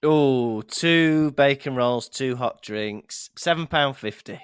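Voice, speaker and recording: A man's voice: medium pitch, slow, smooth, no room sound, studio quality. A man co-hosting a podcast, reacting to a friend's story with laughs and short remarks. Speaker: podcast co-host. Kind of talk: casual chat.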